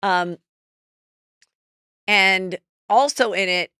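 A middle-aged woman hosting a celebrity gossip podcast, telling stories in a chatty, animated way. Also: mid-range voice, very slow, clean tone, no echo, studio quality. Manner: chatty, animated storytelling with quoted asides. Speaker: podcast host. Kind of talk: casual celebrity gossip chat.

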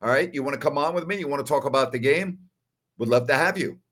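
A man's voice: mid-range voice, fast talker, fairly bright tone. A man from New York hosting a solo basketball postgame livestream in a casual, emphatic way, often repeating himself. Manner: emphatic, repeats "all right" a lot. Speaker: host of a basketball postgame show.

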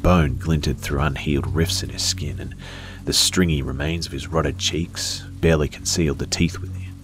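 A man with an extremely low, deep voice reads a horror story as scripted narration. He takes his time and often sinks into a hushed near-whisper. Faint music runs behind him. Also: fairly even intonation, moderate pace.

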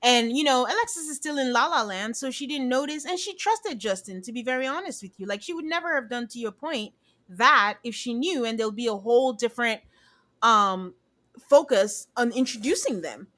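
A woman with a clear, bright and forceful tone talks through a reality episode in a loose, chatty way. She gets animated as she retells scenes and slips into the voices of the people she quotes. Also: a little high, a little fast. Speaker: podcast co-host. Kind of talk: casual recap chat.

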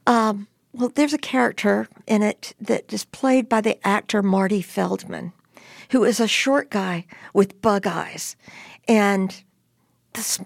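Gravelly-voiced older woman telling a story. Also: mid-range voice, no room sound, studio quality. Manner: lively, animated retelling with acted-out quotes. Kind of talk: personal story told to an interviewer.

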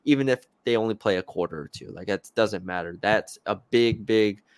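A man's voice: on the low side, normal speed, smooth. A man co-hosting a sports podcast, talking casually and hedging with fillers and restarts.

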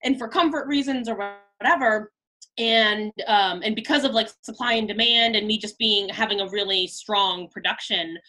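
A woman's voice: medium pitch, moderate pace, pushed and bright. A woman in her thirties, a podcast guest chatting casually and filling her talk with "like" and "you know". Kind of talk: casual interview chat.

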